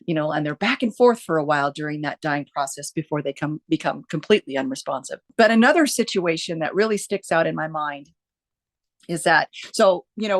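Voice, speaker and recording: A hospice nurse with a lowish voice tells stories earnestly in a casual interview, often restarting and filling gaps with fillers.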